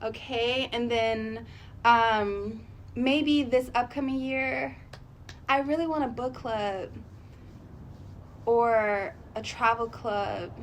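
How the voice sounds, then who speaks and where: A woman with a slightly high voice rambles through a casual vlog, thinking out loud and calling herself a sensitive, emotional person. Her talk is loose and friendly, and a faint room ambience sits behind her. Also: fairly even intonation, takes it slowly, long pauses, slight background noise. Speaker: vlogger.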